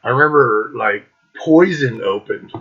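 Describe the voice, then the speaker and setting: A man's voice: medium pitch, expressive, measured pace, fairly bright tone, slightly rough, lo-fi sound. A middle-aged man hosting his own show, telling a rambling concert story with lots of swearing and laughter. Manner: profane, laughing, loose and rambling. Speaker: host.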